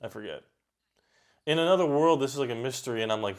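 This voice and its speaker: A man of ordinary middle pitch chats his way through a reaction video. He talks straight back at the screen in an offhand way, with quick outbursts. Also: animated. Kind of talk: casual reaction commentary.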